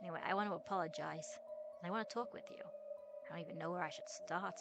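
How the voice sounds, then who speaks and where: A woman's voice: lowish voice, fast, gravelly, pitched below the performer's own voice. Woman reading as a brash, bewildered young man. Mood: earnest. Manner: exasperated, incredulous questioning. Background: background music.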